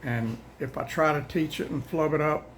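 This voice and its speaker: A man's voice: fairly high pitch, slight background noise, low-quality recording. An older man, chatting casually and rambling to viewers about a daily Bible reading plan, a little out of breath. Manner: folksy, plain-spoken, says y'all; rambling, halting, restarts often.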